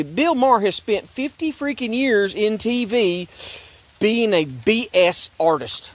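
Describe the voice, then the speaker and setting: A man's voice: high-pitched, lively intonation, takes it slowly. A man ranting in a sarcastic, repetitive way about religion and politics, rambling and restarting his sentences. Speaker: online commentator.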